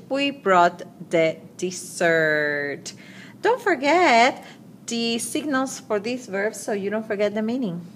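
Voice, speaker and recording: A woman teaching grammar, slowly reading out verb forms and translating examples. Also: medium pitch, slight background noise. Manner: slow, deliberate, repeating conjugations aloud. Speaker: Spanish teacher. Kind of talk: slide-based grammar lesson.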